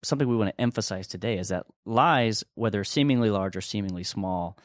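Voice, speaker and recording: A man's voice: fairly low pitch, brisk, dry recording, studio quality. A man co-hosting a podcast, talking in an earnest, rambling way with restarts and chuckles. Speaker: podcast co-host. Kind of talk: casual conversational podcast teaching.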